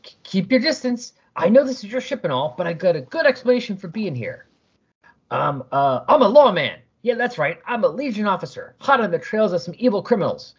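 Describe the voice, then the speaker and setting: A man voicing a nervous, bumbling space pirate who stammers and bluffs in a husky voice on a dull recording. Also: sits high, animated, fairly quick, hardly any pauses, pitched above the performer's own voice.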